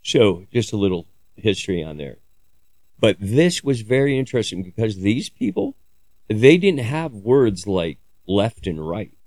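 A man's voice: on the low side, big pitch swings, unhurried, a little mellow, dry recording. A man talking in a casual, rambling monologue, joking crudely and swearing freely as he digresses. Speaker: podcaster.

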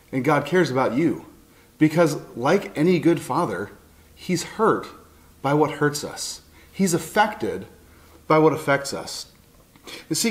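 Middle-aged male pastor, earnest and heartfelt sermon delivery, slightly raised pitch. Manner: earnest, heartfelt, with many restarts. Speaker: pastor and counselor.

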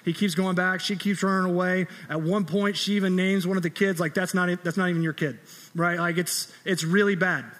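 A man preaching a sermon as pastor, earnest and conversational, often restarting phrases, ending in a quiet prayer. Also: high-pitched, steady tone, fairly quick, long reverb tail. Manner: drops to a soft, quiet tone in closing prayer.

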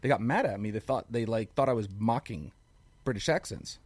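A man and father co-hosting a podcast, telling jokes and animated stories in casual chat. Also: medium pitch, brisk, breathy edge, no echo. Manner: joking, animated storyteller.

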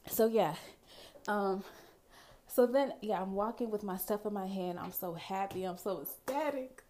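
A young woman vlogger telling a casual storytime to her viewers, animated and chatty, talking to them directly and acting out her own thoughts. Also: mid-range voice, a little slow, slight background noise. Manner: dramatic asides and quoted self-talk. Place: indoors at home, near a window with rain outside.

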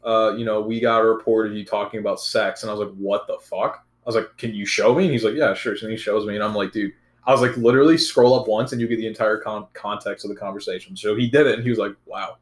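A man's voice: fairly low pitch, steady tone, quick pace, hardly any pauses, reverberant. A young man telling a story in laid-back casual chat, swearing often.

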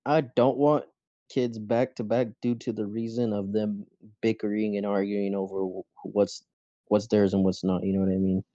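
Low mellow man, dull lo-fi sound. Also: little pitch movement, moderate pace, no room sound. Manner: casual, short agreeing replies, swears freely. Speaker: podcast co-host. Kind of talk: casual podcast chat.

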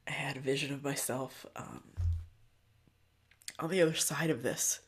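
A woman hosting a podcast, talking in a loose, candid, profane way about spiritual matters, with frequent ums and soft near-whispered stretches. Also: very deep voice, steady tone, normal speed. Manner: often drops to a soft, breathy near-whisper. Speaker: podcast host. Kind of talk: casual spiritual reflection.

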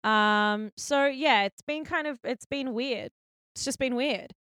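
Young Australian woman, chatty guest; smooth voice, dry and close. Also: high-pitched, unhurried, fairly bright tone, no echo. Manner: chatty, many likes and restarts. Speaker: guest, filmmaker. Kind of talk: casual interview chat.

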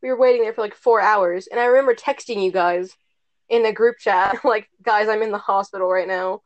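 This is a dull lo-fi clip of a teenage girl briskly telling friends a meandering story. Her voice is medium in pitch, and she leans heavily on "like" while swearing now and then.

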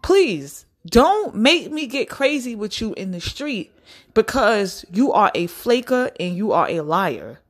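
A young woman ranting bluntly to camera in a casual, profane and animated way. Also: mid-range voice, slow. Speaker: vlogger.

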